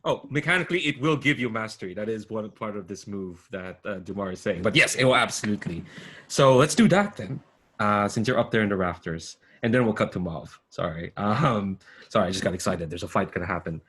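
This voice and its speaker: Excitable guy gm-ing a tabletop game, laughs a lot. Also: fairly low pitch, brisk, slightly rough. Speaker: game master.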